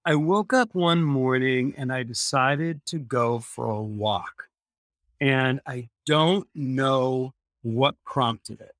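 A man's voice: mid-range voice, slow, fairly bright tone, no echo, studio quality. A man, a podcast guest, telling a personal story in an earnest way and repeating phrases for emphasis.

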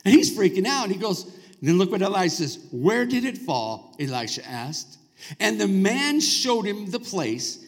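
A male pastor preaches a sermon in a church sanctuary, speaking conversationally and prompting the congregation to answer back. His voice sits high and sounds very animated and slightly rough, at a moderate pace. The recording carries the long reverb of a large hall.

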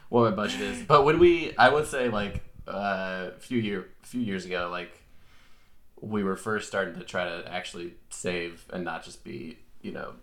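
A man's voice: low-pitched, normal speed, a bit bright, reverberant. A man telling a laughing, self-mocking story in a casual podcast chat. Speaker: podcast guest.

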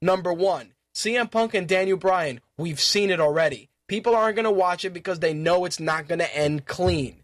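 Opinionated male podcast host with a high voice; swears freely and hammers his points home. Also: moderate pace, few pauses, dry recording, studio quality. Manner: blunt, profane ranting; opinionated, repeats points for emphasis. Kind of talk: wrestling and MMA news podcast commentary.

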